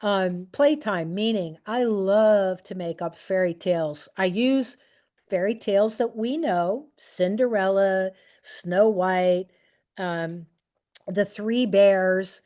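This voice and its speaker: A middle-aged woman who speaks on aging and technology chats casually with a group, her mellow, medium-pitched voice moving at a slow pace. She tells anecdotes in a chatty way, full of fillers and restarts.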